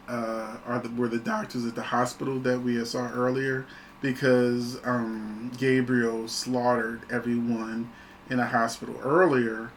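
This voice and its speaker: A man's voice: medium pitch, slight background noise, poor audio. A man hosting his own channel, chatting casually and animatedly through a film review, laughing often.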